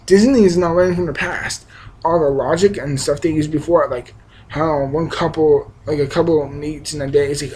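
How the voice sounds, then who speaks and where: Young man, casual film review, rambling restarts, enthusiastic, slightly high voice, faint hiss. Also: fairly even intonation, normal speed, a little mellow, rough recording. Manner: rambling, frequent restarts and fillers; enthusiastic, emphatic. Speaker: movie reviewer.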